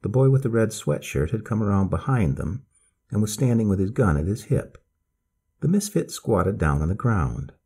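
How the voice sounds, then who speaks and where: A man reading a story aloud in a slow, measured manner. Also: on the low side, very animated, a little mellow, breathy edge.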